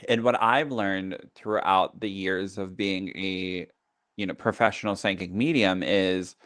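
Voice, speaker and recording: A man's voice: lowish voice, a bit bright, dry recording, studio quality. A man who teaches as a psychic medium, talking casually on a podcast in a chatty teaching tone full of fillers.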